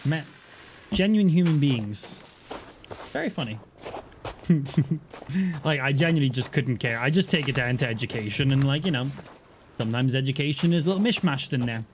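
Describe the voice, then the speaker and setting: A man's voice: mid-range voice, animated, normal speed, pauses often, slight background noise. An Irish man chatting casually and cursing freely while he streams gameplay and jokes around. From Ireland. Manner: chatty, profane, joking.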